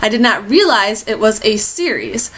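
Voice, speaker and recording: A chatty woman talking about her recent reads at a middle pitch, eager and gushing. A faint ambient hiss sits under her voice. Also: very animated, moderate pace, fairly bright tone. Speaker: book reviewer. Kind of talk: casual book review chat.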